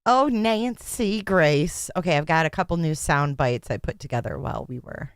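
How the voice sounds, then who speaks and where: A woman's voice: deep voice, quick pace, no echo, clean studio sound. A woman hosting a livestream, chatting casually and joking with her viewers. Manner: chatty, joking, laughs often. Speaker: livestream host.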